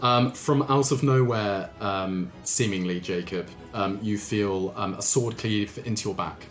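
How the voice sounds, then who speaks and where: A man running a tabletop game as game master, lively and often laughing as he narrates. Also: on the low side, unhurried, faint music behind. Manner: lively, laughs often, puts on short voices.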